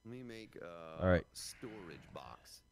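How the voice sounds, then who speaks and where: A man's voice: low voice, expressive, measured pace. A middle-aged man streaming a survival game, chatting in a folksy, joking way with his viewers and teammate. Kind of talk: casual live-stream chat.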